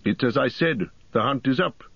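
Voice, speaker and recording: A man reading the part of a wise old wizard in an audiobook, with a measured, solemn delivery. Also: medium pitch, expressive, creaky, fairly bright tone, breathy edge, no room sound, highs cut off, heavily acted. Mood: grim. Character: wise old male wizard, grave and commanding.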